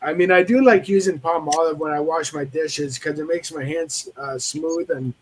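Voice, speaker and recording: A man's voice: a little high, normal speed. A man on a panel chat, teasing the others and making bawdy jokes. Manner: jokey, teasing, bawdy humor. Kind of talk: casual chat.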